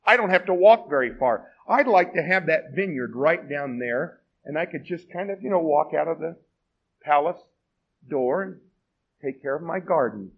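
A man's voice: fairly high pitch, lively intonation, moderate pace, breathy edge, lo-fi sound. A man voicing a smug, sulky king who wants his neighbour's vineyard, in a sermon.

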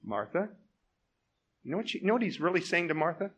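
Male preacher, fairly high voice with a wide, animated range. He is emphatic and asks rhetorical questions. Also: quick pace, pauses often, slightly rough, muffled recording. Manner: emphatic, swings from loud exclamations to hushed tones. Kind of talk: sermon.

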